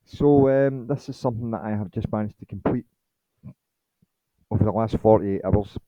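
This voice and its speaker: A man's voice: fairly low pitch, normal speed, mellow, no echo, highs cut off. A man hosting his channel in a rambling late-night monologue, blunt and swearing, with many ums. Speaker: channel host.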